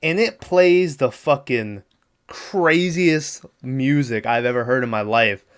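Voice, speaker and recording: A man recaps a movie solo for his podcast in a loose, laid-back way, swearing constantly and breaking into laughter. His voice sits in a middle range and comes across smooth and clear. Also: mid-range voice, slow pace. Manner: loose, profane, laughs often, lots of fillers. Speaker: podcast host.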